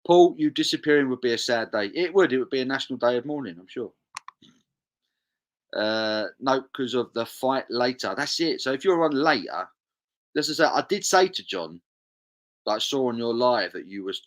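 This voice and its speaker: A man's voice: mid-range voice, fairly bright tone. A young man, hosting a charity live stream, casually reading viewer comments aloud and chatting along.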